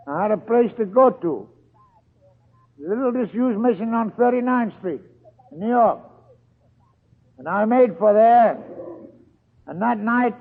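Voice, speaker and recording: An older man telling his recovery story as an AA speaker, earthy and storytelling, acting out the dialogue. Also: high-pitched. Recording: tinny lo-fi archive recording.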